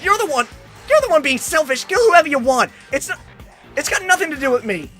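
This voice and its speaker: A loud, bratty teenage girl yells her defiance, as a man puts her on. Her voice is raised, bright and snappy, and faint game music runs behind it. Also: very high voice, lively intonation, a little fast, heavily acted. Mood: defiant.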